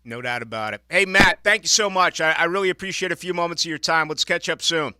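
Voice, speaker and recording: A man hosting a sports radio show, interviewing a guest in a brisk, friendly way. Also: fairly high pitch, bright, forceful tone, clean tone, no room sound. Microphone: studio microphone.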